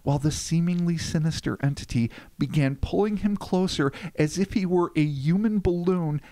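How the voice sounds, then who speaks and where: A man's voice: on the high side, normal speed, dark tone, no echo. A man hosting a podcast, reading case narration and riffing in a casual, profane, joking way. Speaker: podcast host.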